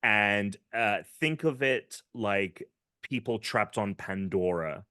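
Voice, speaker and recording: British man, very deep voice, casual podcast chat, rambling with fillers, dry close sound. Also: slow, pushed and bright, clear, resonant tone, no echo. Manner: rambling, filler-heavy, enthusiastic retelling. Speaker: podcast co-host.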